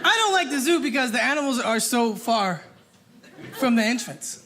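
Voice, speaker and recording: A woman performing a stand-up comedy set on stage, animated and acting out the people in her stories. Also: a little high, moderate pace, over a noisy crowd. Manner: animated, acts out voices. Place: stage before a live audience. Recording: noisy live comedy room.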